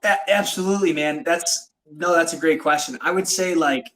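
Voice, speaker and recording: A man's voice: on the high side, normal speed, a bit bright, low-quality recording. A man hosting a podcast, telling a personal story in casual chat with many fillers. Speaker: podcast host.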